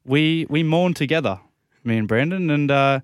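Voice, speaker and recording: A man co-hosting a radio show, talking in a mock-earnest, deadpan way. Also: on the high side, normal speed, clean tone, dry recording, studio quality. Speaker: co-host. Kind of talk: casual radio chat.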